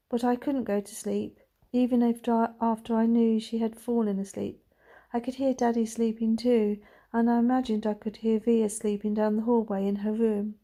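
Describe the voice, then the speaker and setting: Woman gently reading a story aloud. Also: medium pitch, level tone, moderate pace. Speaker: reader.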